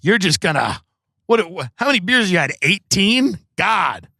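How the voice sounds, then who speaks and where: A man's voice: high voice, very animated, measured pace, gravelly, pushed and bright, dry recording, studio quality, full character voice. A man putting on a cheeky teenage boy who needles his parents in a taunting, sing-song way. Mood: needling.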